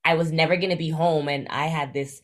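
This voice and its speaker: A young woman with a slightly low voice tells her story as an interview guest. She talks casually and animatedly. She leaps up in pitch whenever she acts out what people said. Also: a little fast. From Jamaica. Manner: animated, acts out quoted dialogue with big jumps in pitch. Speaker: guest, travel influencer.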